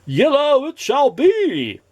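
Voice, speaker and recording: A man doing a loud, excitable storybook wizard. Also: on the high side, unhurried, no room sound, pitched above the performer's own voice. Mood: excited.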